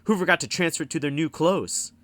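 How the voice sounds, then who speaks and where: A man's voice: fairly high pitch, fast talker, fairly bright tone, pitched above the performer's own voice, lightly acted. A man voicing a sardonic, nervous teenage boy who talks back defensively.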